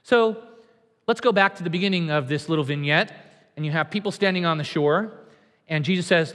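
A man's voice: high voice, expressive, moderate pace, a bit bright. A male pastor preaching a sermon in a church, emphatic and conversational, acting out quotes. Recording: long hall reverb.

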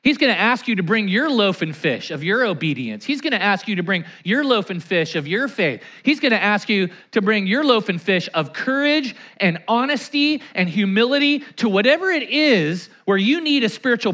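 A man preaches with a high, bright voice that swings widely up and down. He tells stories and acts out the people in them. He calls on his listeners to repeat lines back to him. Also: normal speed, hardly any pauses. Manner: animated, acts out anecdotes and quotes; leads the congregation in call-and-response. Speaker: pastor. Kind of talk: sermon.

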